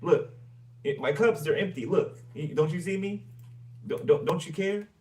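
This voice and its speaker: A whiny, self-pitying attention-seeker pleads over and over for sympathy, voice climbing high and wavering as though about to cry, as a man mocks them in a put-on voice. The sound comes from a distant mic with a faint hiss behind it. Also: normal speed, darkish tone, echoey room, close to an everyday voice. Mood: whiny pleading. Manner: pleading, repetitive, mock-crying.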